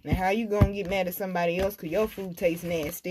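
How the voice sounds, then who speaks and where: A woman giving a tarot reading in a casual, blunt and profane way, telling animated stories and speaking. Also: fairly low pitch, quick pace, few pauses, background noise. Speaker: tarot reader.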